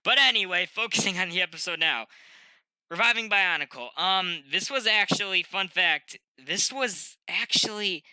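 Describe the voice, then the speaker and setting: Young male reviewer with a stuffy nose, casual and rambly, bright voice, dead-dry close mic. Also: high voice, normal speed, clean tone, no room sound, low-quality recording. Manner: rambling, frequent ums and self-corrections. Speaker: host of a review channel. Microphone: desk microphone.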